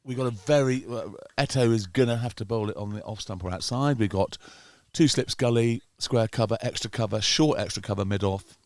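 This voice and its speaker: A man's voice: mid-range voice, fairly quick, few pauses, dry recording. A man doing chatty live commentary on a club cricket match, teasing his co-commentator. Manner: chatty, teasing, gets excited at wickets.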